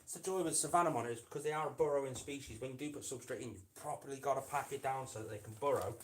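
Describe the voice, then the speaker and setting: A man's voice: mid-range voice, very fast. Chatty man talking to his lizard. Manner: chatty, talks fondly to his lizard as "mate". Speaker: reptile keeper and channel host. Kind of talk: casual live-stream chat. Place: indoors by a reptile enclosure. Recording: echoey room with faint noise.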